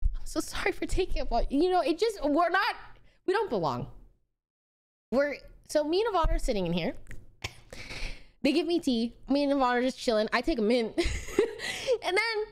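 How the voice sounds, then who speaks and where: A woman's voice: high-pitched, big pitch swings, normal speed, long pauses. A young woman streamer casually telling a story to her chat, acting out quotes and swearing freely.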